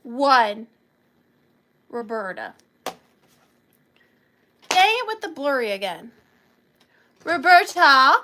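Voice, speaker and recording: A woman's voice: high voice, big pitch swings, measured pace, long pauses, pushed and bright, a little hiss or hum. A woman hosting a live online sale, chatting playfully with viewers and calling them by name. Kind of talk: chatty live-stream selling.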